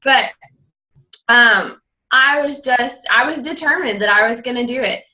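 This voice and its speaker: A young woman shares her story on a team call, speaking with candor and a loose, rambling flow. Her voice sits a touch high and sounds bright. The call audio is muffled, like a low-quality connection. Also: measured pace. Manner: candid, rambling storyteller who acts out the people she quotes. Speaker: guest speaker and fitness coach.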